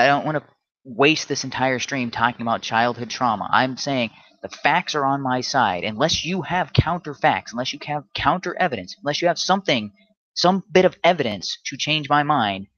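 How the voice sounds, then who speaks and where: A man's voice: mid-range voice, animated, moderate pace, a bit bright, no echo, muffled recording. Combative man ranting on a livestream. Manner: combative, stammering restarts. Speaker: livestream host. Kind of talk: solo livestream rant.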